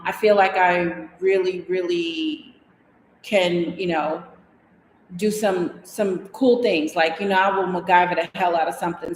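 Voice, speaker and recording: Lower-voiced woman rambling on a live stream, echoey house, faint background hum. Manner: chatty, rambling, reads viewer comments aloud. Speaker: DIY and design vlogger. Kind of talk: casual livestream chat. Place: house interior in Mexico. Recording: echoey room with long reverb.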